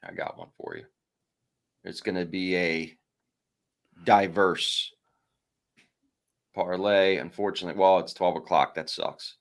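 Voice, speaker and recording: A man's voice: deep voice, lively intonation, a little slow, creaky, pauses often. A man co-hosting a casual sports betting show, giving his picks with playful, mock-indignant banter.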